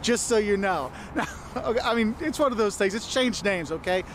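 A man with a notably high voice talks through travel tips in a chatty, explanatory way. Faint noise sits under the voice of the played clip. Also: lively intonation, fairly quick. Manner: chatty, explains with "okay?" and "look". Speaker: travel video presenter. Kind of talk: scripted travel guide talk.

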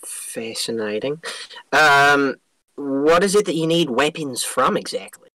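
A man's voice: on the high side, a little slow, bright, forceful tone, dry recording, low-quality recording. A man playing his character in a tabletop game, curious and wry, asking questions. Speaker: player.

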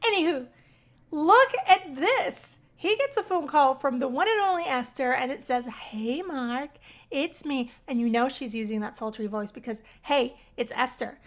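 Excitable high-voiced woman gamer. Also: moderate pace. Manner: excitable, squeals and laughs often. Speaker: gaming channel host. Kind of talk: casual let's-play commentary.

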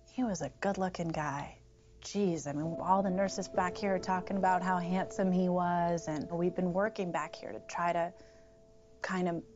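Earnest woman retelling a story. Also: on the low side. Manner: earnest, animated retelling with quoted dialogue. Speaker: interviewee. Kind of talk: documentary testimony. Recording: slightly muffled film audio.

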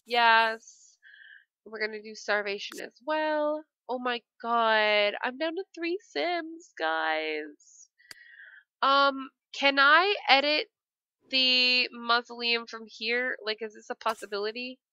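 A woman talks through her gameplay in a high, bright voice. She is casual and emotional, piling on exclamations. The sound is close and dry. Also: slow, smooth, no echo, lo-fi sound. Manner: emotional and gushing, frequent exclamations. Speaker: let's play gamer.

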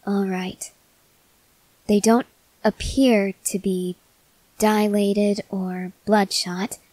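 A woman voicing a calm, stoic young female soldier checking a wounded person, composed and matter-of-fact, in a whispered role-play. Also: medium pitch, extremely slow, no echo, rough recording.

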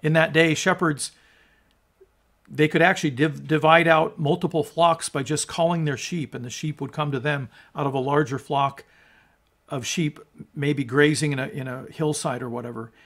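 A man preaches with earnest conviction, his somewhat high voice swelling on scripture quotes. He trails off low at the ends of phrases and stumbles and restarts words now and then. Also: fairly bright tone. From United States. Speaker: pastor. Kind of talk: sermon, scripture reading and commentary.

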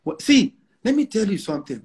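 A man's voice: high-pitched, very animated, a little fast, a little mellow, breathy edge. A Nigerian man in his forties, a musician giving an interview, talking in an emphatic, boastful way in Nigerian English mixed with Pidgin, often repeating himself.

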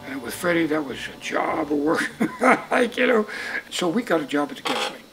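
An older man, a musician telling lively anecdotes in an interview and acting out the dialogue. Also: a little high, moderate pace, slight background noise, rough recording. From Brooklyn, New York. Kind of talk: storytelling interview. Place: indoors in Brooklyn.

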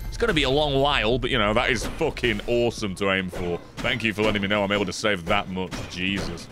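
A man streaming a video game, chatting and swearing excitedly, swinging from low mutters to sudden yelps. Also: moderate pace, music in the background. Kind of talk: casual gameplay commentary.

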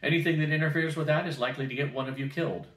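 A man doing a gruff, barking flight captain. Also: a little high, steady tone, racing, a bit bright, pitched above the performer's own voice, lightly acted. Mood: stern. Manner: curt, barking commands. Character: gruff older male flight instructor, stern captain. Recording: roomy, distant mic.

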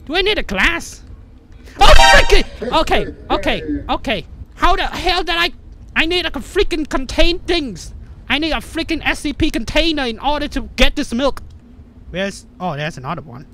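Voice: sits high, very animated, normal speed, pushed and bright, a little hiss or hum. A gamer giving frantic, panicky commentary on a horror game, swearing constantly. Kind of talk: let's play commentary.

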